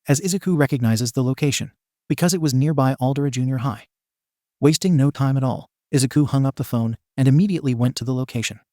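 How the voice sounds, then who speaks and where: A man narrating a fan story in a steady, even reading voice. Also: medium pitch, fast, dry recording, studio quality.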